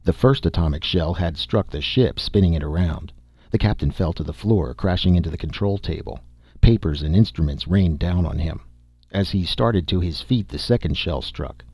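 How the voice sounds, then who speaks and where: A man narrating a science fiction story in a steady, measured reading voice, with a husky tone. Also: deep voice, dry recording. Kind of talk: audiobook narration.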